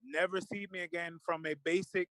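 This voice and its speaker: A man talks with a high voice, earnest and openly emotional, with loose fillers and restarts. The sound is dry and close, with no room around it. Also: fairly even intonation, fairly quick, sharp tone, no room sound, low-quality recording. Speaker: guest. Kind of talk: casual discussion.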